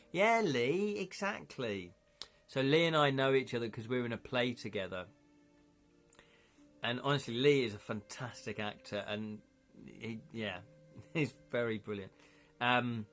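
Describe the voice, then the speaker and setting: A man's voice: mid-range voice, a bit bright. Playful British man hosting a live gamebook. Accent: British English. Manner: playful, jokey and chatty. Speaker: host and narrator of a live interactive gamebook. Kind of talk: live-stream narration with chat voting.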